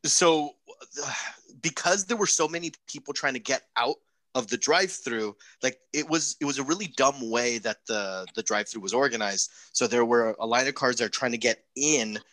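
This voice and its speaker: A young man casually telling a profane, animated story on a podcast. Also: mid-range voice, normal speed, no room sound.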